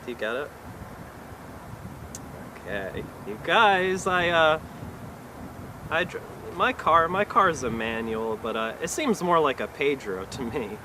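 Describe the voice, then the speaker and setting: Awkward deadpan comedian, slightly high voice. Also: male voice, a little slow, long pauses, noisy background. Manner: awkward, hesitant, deadpan delivery full of fillers. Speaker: stand-up comedian. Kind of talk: stand-up comedy set. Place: live comedy venue.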